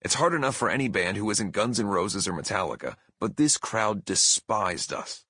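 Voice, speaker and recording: A man in his thirties reading his own memoir aloud as an audiobook, with expressive, emphatic storytelling. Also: on the low side, normal speed, husky, dry recording. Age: 30s. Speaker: author narrating his memoir. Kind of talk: audiobook narration.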